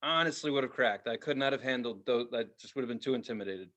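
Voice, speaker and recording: A man's voice: mid-range voice, fast talker. A man co-hosting a podcast, telling stories in casual chat and acting out the other people's voices. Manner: animated, acts out the voices in his stories. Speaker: podcast co-host.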